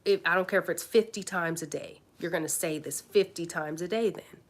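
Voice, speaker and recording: A woman's voice: lowish voice, a little fast. A woman life coach leading a live online workshop, talking emphatically, checking in with "okay?" and dropping to a whisper to stress points.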